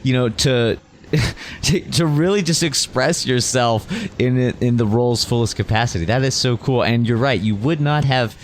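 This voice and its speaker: A male podcast host speaks at a middle pitch, asking eager, encouraging questions of his guest. Faint noise sits under his voice throughout. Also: normal speed. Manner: enthusiastic, affirming interviewer. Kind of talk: interview.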